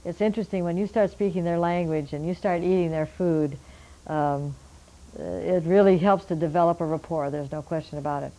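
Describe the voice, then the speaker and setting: A woman's voice: on the low side, fairly even intonation, moderate pace, mellow, poor audio. An older woman, a missionary Bible translator, earnestly telling a story from her work and addressing her listeners as friends. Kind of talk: storytelling testimony.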